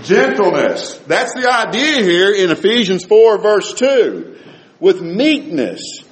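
A man preaching a sermon in a church, folksy and animated, dropping to soft low tones for emphasis. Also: slow.

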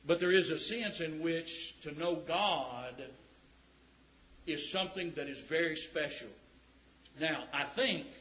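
A man preaching a sermon, reading scripture slowly and emphatically with folksy asides. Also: fairly high pitch, pushed and bright. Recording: dull lo-fi recording.

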